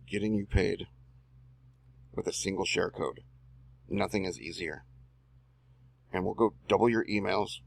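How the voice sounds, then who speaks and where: A man's voice: sits low, a little slow, vocal fry, pauses often. A man reading copy aloud as he edits a screen-recorded tutorial, muttering and adding slangy asides to himself. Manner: self-talking, drawling slangy asides. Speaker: online marketer and video host.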